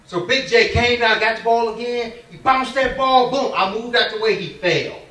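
High, bright preacher telling a story. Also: male voice, normal speed, distant mic. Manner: animated storytelling, acts out voices, laughs often. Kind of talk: sermon with a personal story. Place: church. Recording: roomy hall heard from afar.

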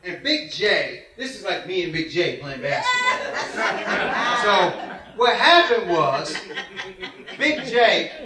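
A man preaching a sermon, telling an animated personal story, acting out voices and laughing often. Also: high-pitched, takes it slowly, distant mic. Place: church. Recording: roomy hall heard from afar.

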